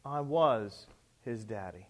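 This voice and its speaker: A middle-aged male pastor preaching a sermon, emphatic, with rhetorical questions and swings between loud and soft. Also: on the low side, lively intonation, takes it slowly.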